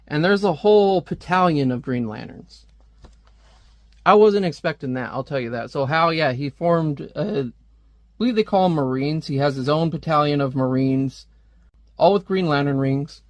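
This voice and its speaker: A man talks through a comic in a loose, wry, conversational way, reacting as he goes. His voice sits a little high, and the sound is dry and close. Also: moderate pace, no room sound. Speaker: comic reviewer. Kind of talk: casual comic review.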